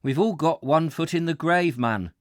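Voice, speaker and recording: A man's voice: medium pitch, animated, moderate pace, no echo, clean studio sound, voice pushed up, lightly acted. A man voicing an older male railwayman, blunt and wry, in a failed try at a northern dialect. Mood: rueful.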